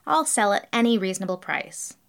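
A woman's voice: medium pitch, expressive, a little fast, vocal fry. A woman voicing a cheery, carefree young woman who manages a motel, speaking in a breezy, unbothered way.

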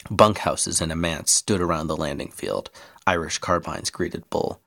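A man reading an adventure story aloud in steady scripted narration. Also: low voice, normal speed, vocal fry.

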